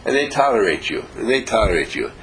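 In a rough recording with slight background noise, an inspirational speaker with a lowish, sing-song, somewhat bright voice talks quickly to a small group. His motivational talk is emphatic and repetitive; he acts out quoted voices and chuckles often.

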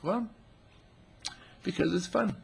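A man giving a playful, animated spiritual talk, now and then putting on animal voices. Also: sits high, takes it slowly, a little hiss or hum. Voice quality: gravelly, husky.

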